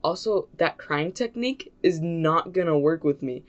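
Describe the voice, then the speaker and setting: A man's voice: lively intonation, normal speed, natural voice. A man putting on the voice of a strict, short-tempered woman schoolteacher who scolds in a raised voice. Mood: scolding. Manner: scolding, raised-pitch mimicry. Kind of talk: storytime impression. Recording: dull lo-fi recording.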